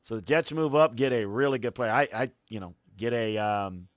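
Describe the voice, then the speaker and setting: A man hosting a draft show, thinking aloud in halting, casual commentary and getting excited when news comes in. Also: mid-range voice, no echo, clean studio sound.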